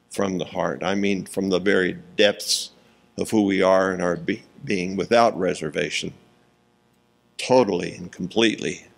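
A man preaching a sermon, reading scripture slowly and deliberately, pausing for emphasis and chuckling between points. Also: low voice, steady tone, creaky.

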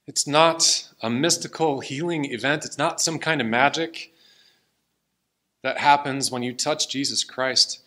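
A man's voice: medium pitch, unhurried, bright, forceful tone. A man preaching a sermon and reading scripture aloud, in an earnest and emotional way. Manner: earnest, emotional, tearing up at times.

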